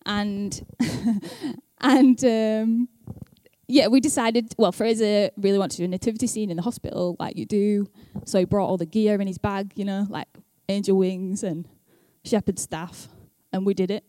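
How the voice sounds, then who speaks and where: A woman's voice: medium pitch, steady tone, normal speed, dark tone, no room sound. A young woman speaking at church in a chatty, self-deprecating way, laughing often, then reading scripture aloud. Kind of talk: casual talk and scripture reading.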